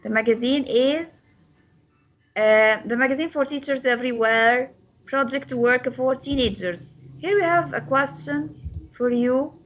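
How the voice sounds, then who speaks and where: A woman with a high voice, speaking a little slowly over dull audio, teaches an English class on word and sentence stress. She repeats words and splits them into syllables, making small non-native grammar slips.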